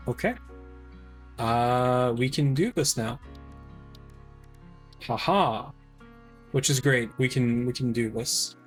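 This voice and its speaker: A man's voice: medium pitch, measured pace, soft background music. A man live-streaming a game, chatting casually with friends, rambling with many fillers and restarts.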